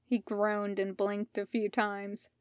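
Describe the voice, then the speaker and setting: Slow, calm woman reading a story. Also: medium pitch, dry recording, clean studio sound. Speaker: podfic reader. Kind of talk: audiobook narration of fan fiction.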